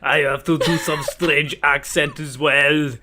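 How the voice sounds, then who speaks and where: A man's voice: on the high side, level tone, measured pace, over music. A man co-hosting a podcast, chatting casually with easygoing hesitations. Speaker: podcast co-host. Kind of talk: casual comedy chat.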